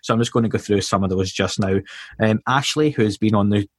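A man's voice: on the low side, a little fast, no room sound, clean studio sound. A Scottish man hosting a podcast in casual chat, reading out listener comments and joking about them. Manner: chatty, reads out listener comments with jokes. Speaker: podcast host.

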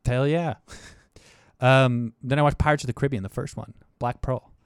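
Talking at a moderate pace, a young co-host of a casual film podcast reviews movies with animated enthusiasm, sliding into mumbled asides before jumping into high, excited bursts. His voice is smooth, recorded in clean studio quality with no echo.

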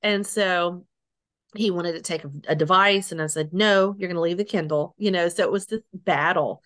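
A middle-aged woman being interviewed, telling her story haltingly, with restarts, soft laughs and sighs. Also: on the low side. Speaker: interview guest.

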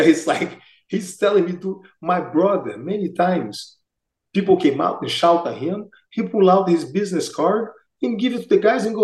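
A man's voice: high-pitched, moderate pace. Brazilian-accented man telling stories animatedly. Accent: Brazilian Portuguese. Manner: animated, acts out quoted voices. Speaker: guest, martial arts master. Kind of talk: casual storytelling. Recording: echoey room.

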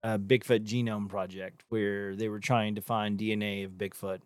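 A man's voice: fairly low pitch, level tone, moderate pace, no echo, studio quality. A man chatting casually as a podcast co-host, rambling with many fillers and restarts. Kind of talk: casual chat.

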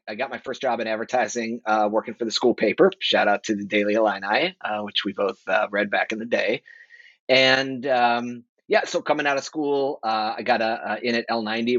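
A man in his forties, a guest on a podcast, talking in a relaxed, rambling way with lots of fillers. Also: medium pitch, no room sound. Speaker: guest, marketing executive. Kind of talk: casual podcast interview. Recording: dry, dull lo-fi sound.

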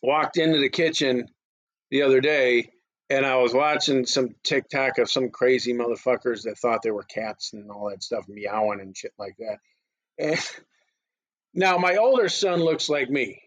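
A man in his forties on a podcast, telling crude, animated anecdotes in casual chat. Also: mid-range voice, moderate pace, no room sound, low-quality recording. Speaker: podcast co-host.

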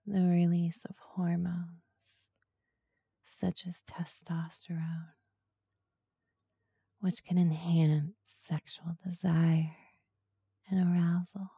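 A woman hosting a podcast in a soft, breathy, slow and seductive ASMR-style voice. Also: fairly low pitch, little pitch movement, no echo. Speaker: podcast host.

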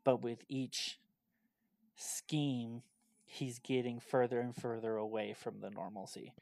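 A man co-hosting a casual podcast, retelling things in a rambling, animated way and filling his talk with "like". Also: medium pitch, takes it slowly, vocal fry, dry recording. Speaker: podcast co-host.

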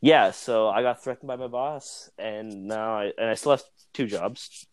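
A man's voice: lowish voice, unhurried, crowd noise. A young man casually telling a work story on a podcast, rambling, with fillers and self-amused asides. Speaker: podcast co-host.

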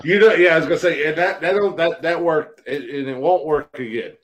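A man co-hosting a casual podcast chat, throwing in teasing jokes and quick reactions. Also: on the high side, fairly bright tone. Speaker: podcast co-host.

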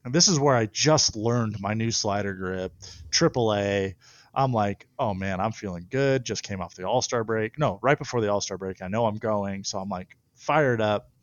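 A young man guest on a podcast, a professional pitcher, who tells his stories in a rambling way and keeps breaking into laughter. His voice sits at a middle pitch, and the recording is dry and close, with little room sound. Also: moderate pace, dry recording, dull audio. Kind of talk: casual storytelling interview.

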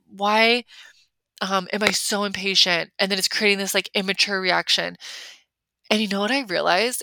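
A young adult woman hosts a solo podcast in a medium-pitched, pushed, bright voice with no room sound. Her casual talk is chatty and emphatic, packed with fillers, especially "like."

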